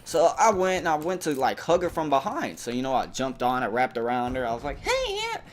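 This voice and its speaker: A young man hosting a gaming channel, telling a rambling, animated story over gameplay with plenty of fillers. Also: medium pitch, fairly quick, a little hiss or hum.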